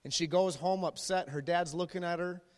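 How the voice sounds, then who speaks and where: A man's voice: high-pitched, moderate pace. Man preaching in a reverberant hall. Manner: lively storytelling, acting out quoted people. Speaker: youth pastor. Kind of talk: preaching sermon with stories. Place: church sanctuary. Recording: long reverb of a large hall.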